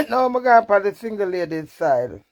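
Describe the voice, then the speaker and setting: This Jamaican-accented woman, a social media personality, rants frankly and with swearing during a live stream, her mood swinging from defiant to emotional. She talks at a moderate pace in a mid-range voice with big pitch swings.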